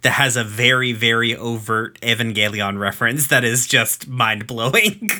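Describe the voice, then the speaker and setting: Bright-voiced man in his thirties rambling casually. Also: medium pitch, animated, normal speed. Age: 30s. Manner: rambling and profane, with frequent fillers and restarts. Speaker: podcast host recapping episodes. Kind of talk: casual chat.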